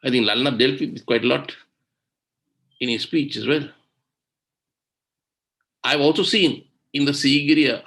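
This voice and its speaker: A man with a voice pitched a touch high addresses a webinar over a video call. He speaks with indignation and fires off rhetorical questions. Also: a bit bright. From Sri Lanka. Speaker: webinar speaker on environmental law. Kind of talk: impassioned webinar talk.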